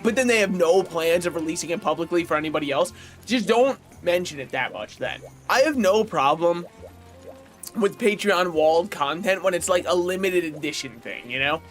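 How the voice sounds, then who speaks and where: Man on a casual game stream; higher-pitched, opinionated rambler who laughs at his own asides. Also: expressive, moderate pace, soft background music. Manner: opinionated, rambling, chuckles often. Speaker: gaming streamer. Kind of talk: casual livestream chat while playing.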